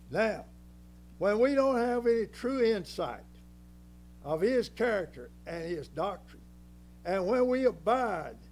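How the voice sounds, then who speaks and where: An older man preaching a folksy, emphatic sermon that climbs to loud peaks and then drops low.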